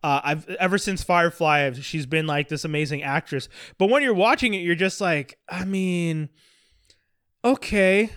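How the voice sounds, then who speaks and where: A man co-hosting a casual movie chat, rambling and animated, often slipping into mock voices. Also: a little high, brisk, few pauses, smooth, dry recording, clean studio sound.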